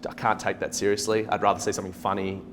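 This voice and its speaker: A man's voice: lowish voice, completely flat delivery, rapid-fire, over music. A man with an Australian accent, a real estate agency principal, chatting casually as a podcast guest in a self-deprecating, joking way with frequent restarts. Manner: self-deprecating, jokey storyteller with many restarts.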